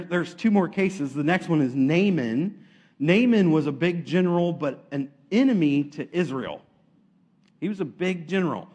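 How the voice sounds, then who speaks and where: High-voiced man preaching a sermon. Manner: lively storytelling, acting out quotes, casual.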